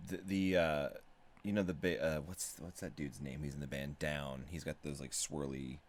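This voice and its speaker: A man in a casual podcast chat, telling rambling, animated stories with frequent swearing. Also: very deep voice, normal speed, slight background noise. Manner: rambling, animated, profane storytelling. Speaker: podcast participant, musician.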